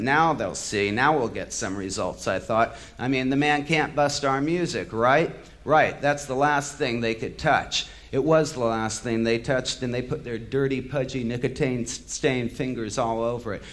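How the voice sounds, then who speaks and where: A man giving an impassioned spoken-word monologue, bitter and sardonic, swearing freely and building to angry outbursts. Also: mid-range voice. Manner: heated, swelling to angry outbursts.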